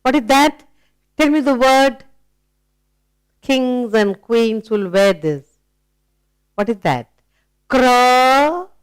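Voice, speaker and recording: Slow, smooth-voiced woman teaching children. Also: high voice, low-quality recording. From India. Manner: slow, coaxing, asks questions and praises. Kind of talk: children's phonics lesson.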